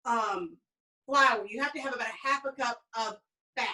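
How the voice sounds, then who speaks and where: A woman's voice: on the high side, moderate pace, sharp tone, distant mic, low-quality recording. A Southern woman with a Southern US accent, telling family stories in a chatty, rambling way while teaching a baking lesson. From American South. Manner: chatty storyteller, folksy and rambling. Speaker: cooking instructor. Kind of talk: casual baking demonstration.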